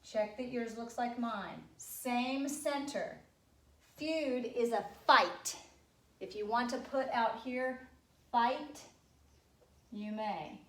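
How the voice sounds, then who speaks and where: Woman teacher, slightly high voice, patient spelling lesson for young kids, echoey classroom. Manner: patient, spells words out letter by letter. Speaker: second grade teacher.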